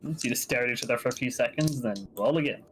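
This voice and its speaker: A man's voice: medium pitch, fast talker, noisy background. Laughing male game master. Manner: relaxed, laughs often, filler-heavy. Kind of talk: narrating a tabletop game.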